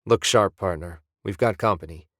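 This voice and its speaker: A man's voice: low-pitched, moderate pace, no room sound, studio quality, lightly acted. A man voicing a confident, easygoing male smuggler hero in an audiobook. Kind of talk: audiobook character voice.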